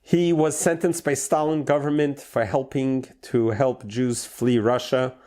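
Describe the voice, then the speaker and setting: A rabbi preaching a short sermon, telling a story and drawing a lesson from it in an unhurried storytelling way. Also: male voice, medium pitch, fairly even intonation, dark tone. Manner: unhurried storyteller, slow deliberate delivery.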